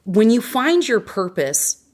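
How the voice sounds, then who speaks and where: A woman's voice: fairly high pitch, very animated, slow, darkish tone. A woman from Vermont, a podcast guest, telling her personal story in an earnest, emotional and frank way.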